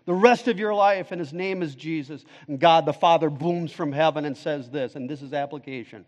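A male pastor preaching a sermon, with dramatic swings from booming declarations to hushed, low phrases. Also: brisk, hardly any pauses. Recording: long reverb of a large hall.

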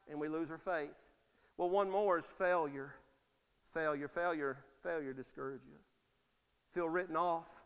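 A high-pitched man preaching, his voice ringing bright and forceful through a church sanctuary with a long trailing reverb. He keeps asking the congregation "Amen?" and acts out the voices of people in his stories. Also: a little slow, clear, resonant tone. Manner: preaching with call-and-response "Amen?" and acted-out quotes. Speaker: pastor. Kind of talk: sermon.

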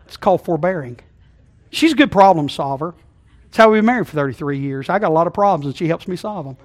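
High-voiced folksy preacher, loud to hushed. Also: male voice, expressive, fast talker. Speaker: pastor. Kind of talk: sermon. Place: church sanctuary.

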